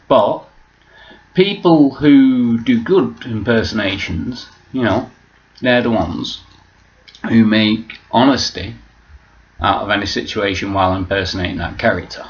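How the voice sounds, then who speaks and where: A man's voice: lowish voice, slow, pauses often, muffled recording. A man rambling through a sweary vlog monologue and losing his train of thought. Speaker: vlogger.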